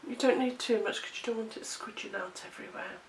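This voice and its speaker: A woman's voice: a little high, fast, vocal fry. A woman, out of breath and coughing, chattily demonstrating a card-making craft and laughing at her own slips. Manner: chatty, self-deprecating, talks while working. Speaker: craft tutorial presenter. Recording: echoey room, distant mic, noisy background.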